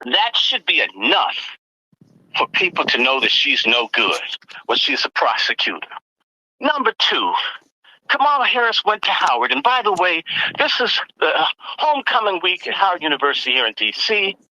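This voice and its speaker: A woman's voice: lowish voice, moderate pace, dry recording, rough recording. A woman from the United States giving impassioned commentary as a roundtable panelist, acting out the exchanges she describes. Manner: animated, acts out quoted exchanges.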